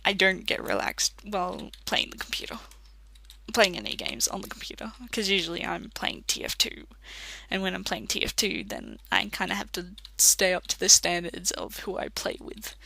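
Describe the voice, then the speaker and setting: An Australian let's play commentator rambling casually while gaming, chatty and quick to laugh. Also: medium pitch, big pitch swings, vocal fry, sharp tone, no echo.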